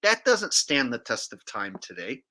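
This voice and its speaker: A man's voice: medium pitch, huge pitch swings, measured pace, sharp tone. A man in his thirties ranting crudely and profanely on a livestream, talking into a desk mic. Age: 30s. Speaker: streamer. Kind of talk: livestream rant.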